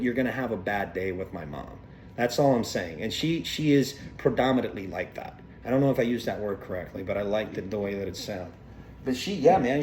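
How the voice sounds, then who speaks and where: Casual vlogger, profane rambling storyteller, mid-pitched man. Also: darkish tone, slight background noise.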